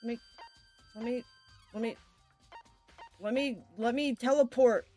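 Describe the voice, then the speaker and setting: A woman's voice: a little high, steady tone, measured pace, mellow, faint music behind. A woman from the United States streaming a game, joking, swearing and muttering to herself as she plays. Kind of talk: casual game stream chat.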